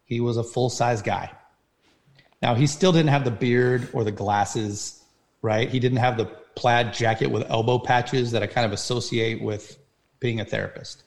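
Gravelly man telling his story. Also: medium pitch, fairly even intonation. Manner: earnest, halting storyteller. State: near tears at times. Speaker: firefighter guest. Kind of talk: personal story in an interview.

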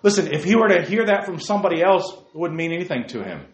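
A man preaching a sermon in a church, animated, swinging from quiet asides to shouts and calling listeners by name. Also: high voice, quick pace, reverberant. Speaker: pastor. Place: church sanctuary.

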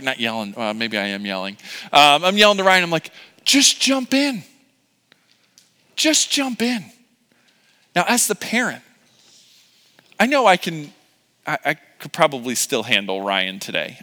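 A man's voice: mid-range voice, sharp tone, big-room sound. A middle-aged man preaching a sermon as pastor, in a casual, joking, conversational way with many fillers.

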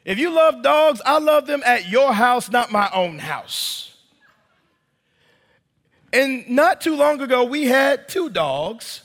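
A man's voice: very high-pitched, very animated, takes it slowly, fairly bright tone, in a large hall. A man in his thirties preaching a sermon in church, telling a story animatedly and addressing the congregation as y'all. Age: 30s. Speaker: pastor.

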